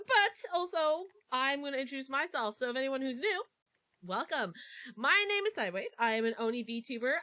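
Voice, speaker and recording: A woman's voice: high-pitched, pushed and bright, no room sound. A woman hosting a casual livestream chat, giggly and swearing casually as she introduces her show. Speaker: streamer host.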